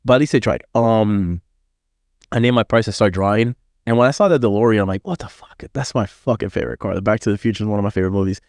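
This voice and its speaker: A man's voice: lowish voice, fast talker, no echo, clean studio sound. A man from Miami in his thirties, a visiting artist telling a long story in casual, profane talk, acting out the people he quotes. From Miami, USA. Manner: profane, animated, acts out quoted voices. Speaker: artist guest.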